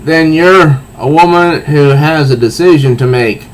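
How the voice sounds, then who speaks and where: A man's voice: on the high side, measured pace, lightly acted, low-quality recording. A man reading as a mocking female bomber villain.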